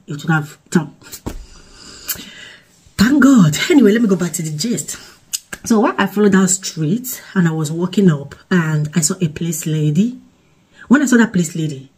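Woman, Nigerian accent, lowish pitch, breathy husky tone, emotional storytime vlog. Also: poor audio. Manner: emotional, animated retelling with restarts and pidgin phrases. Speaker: vlogger.

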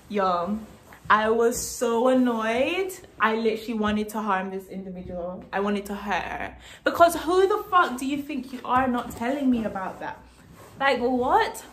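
A young woman tells her story to camera in a bright, high voice, exasperated and swearing as she vents. Her delivery is animated and casual. The recording carries a noticeable room echo. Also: slow, pauses often, a little hiss or hum. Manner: indignant, animated, swears freely. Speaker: vlogger telling a story. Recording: roomy echo.

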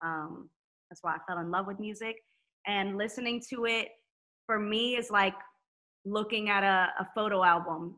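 A woman with a bright, crisp voice talks as a podcast guest. She speaks frankly and with energy and swears casually. She sounds open and unguarded. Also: medium pitch. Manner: candid, animated, swears freely. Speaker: singer-songwriter guest. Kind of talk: casual chat.

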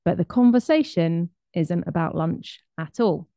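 A woman giving a lively, conversational presentation on behaviour with frequent asides to her audience. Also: fairly low pitch, measured pace, gravelly, no echo. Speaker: speaker on behaviour.

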